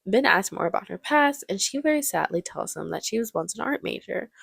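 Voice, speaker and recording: A woman's voice: mid-range voice, animated, fairly quick, vocal fry, a bit bright, slightly rough, no room sound, clean studio sound. A young woman giving casual, joking movie commentary, laughing often.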